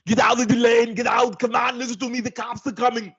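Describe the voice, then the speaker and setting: A man impersonating a shouting action star with a thick accent, barking directions. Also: very high-pitched, flat delivery, fast, husky, lo-fi sound, pitched above the performer's own voice, heavily acted. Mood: yelling. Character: muscle-bound action star yelling directions.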